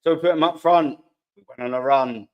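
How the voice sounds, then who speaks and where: A young British man hosts a live fan stream, his voice sitting a touch higher than most men's. He rants hotly and sarcastically at viewers' comments, swearing constantly and hammering home his points. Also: a little fast, dull audio. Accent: British English. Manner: heated, profane, sarcastic. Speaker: fan channel host.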